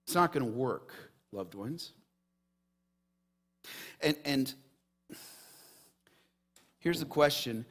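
A man preaching a sermon in an emphatic style, swinging between loud rising passages and quiet low asides, with many rhetorical questions to the congregation. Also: expressive, very slow, pauses often. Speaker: pastor.

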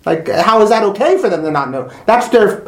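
A tipsy man rants in a casual chat, his pitch leaping up and down as he swears and says sorry again and again. His voice rings in an echoey room. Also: expressive, brisk. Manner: profane, heated, keeps apologizing. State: slightly intoxicated. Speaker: guest. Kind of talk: casual podcast conversation. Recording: roomy echo.

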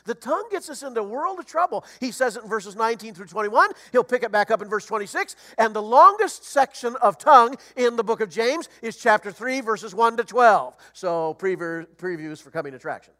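A middle-aged or older man preaching a sermon as a guest preacher, animated and storytelling, rising to loud emphasis. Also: sits high, brisk, hardly any pauses.

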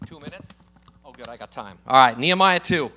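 A man preaching a sermon to a church congregation in a casual, emphatic way, calling out for amens and swinging from loud declarations to quiet asides. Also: medium pitch, lively intonation, fairly quick. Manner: calls for congregation responses. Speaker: guest preacher.

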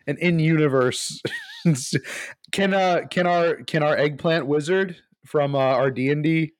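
A man co-hosting a podcast in casual chat, talking in halting, rambling restarts. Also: a little high, dry recording, studio quality. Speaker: podcast co-host.

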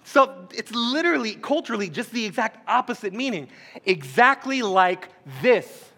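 A male pastor delivers a sermon in an easygoing, joking manner, dropping slang into his teaching. His voice sits high for a man and rings bright and forward, carrying through a church hall. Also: lively intonation, moderate pace, gravelly, slightly rough. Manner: casual, joking preacher talk with slang.

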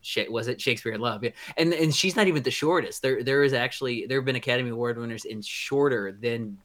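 A man's voice: medium pitch, fast talker, fairly bright tone. A man co-hosting a podcast, chatting casually, rambling with many restarts and a blunt edge. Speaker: podcast co-host. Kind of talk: casual chat.

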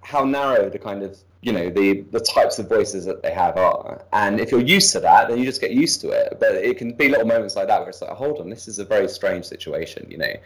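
A man with a standard southern English accent, a guest explaining his views in relaxed conversation, thoughtful and hedging with many fillers. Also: lowish voice, a little fast, hardly any pauses, rough recording. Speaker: guest commentator.

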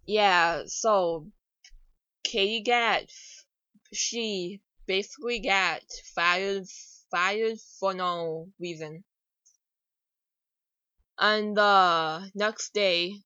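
A woman in casual chat, halting and searching for words between pauses. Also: fairly low pitch, bright, forceful tone, clean tone, no room sound, muffled recording. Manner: halting, many fillers and restarts. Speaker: podcast co-host.

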